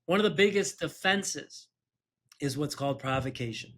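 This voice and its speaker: A personal injury attorney co-hosting a podcast tells an anecdote casually, chuckling as he goes and acting out the voices of the people he quotes. His voice is a little high and fairly bright, at a moderate pace.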